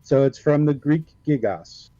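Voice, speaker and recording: A man's voice: fairly high pitch, a little slow, dark tone, no room sound. A man joining a casual group chat from a call, explaining things in a know-it-all way. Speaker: call-in guest. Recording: dull muffled call audio.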